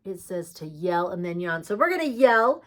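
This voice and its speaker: A woman reading a picture book aloud and leading a preschool lesson with songs, speaking slowly and encouragingly to small children. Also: on the low side, big pitch swings. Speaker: preschool teacher.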